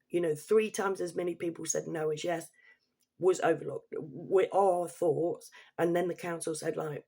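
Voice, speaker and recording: A woman's voice: low-pitched, steady tone, unhurried, vocal fry, mellow. A woman from Leicester with a Leicester accent, giving a political opinion rant on her vlog. She reads prepared points, then breaks off into heated, swearing asides. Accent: Leicester English. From Leicester, England. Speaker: vlogger.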